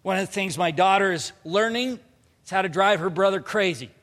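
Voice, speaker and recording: A man in his thirties preaching a sermon, animated, moving from loud emphatic bursts to quiet earnest passages. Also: high-pitched, fairly quick, in a large hall. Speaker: pastor.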